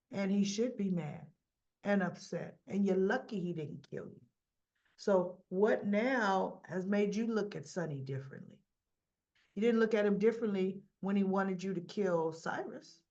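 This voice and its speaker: A woman's voice: mid-range voice, darkish tone, dull audio. A woman hosting a casual, opinionated recap of a soap opera, talking straight to her viewers and acting out the characters' lines.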